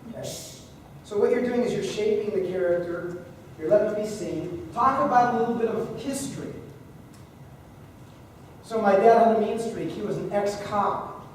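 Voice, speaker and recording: High-voiced man teaching in an echoey hall. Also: moderate pace, pauses often, distant mic, slight background noise. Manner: lively, conversational, joking with the audience. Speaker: speaking coach at a live seminar. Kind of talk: live seminar teaching to a room. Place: large hall with a live audience.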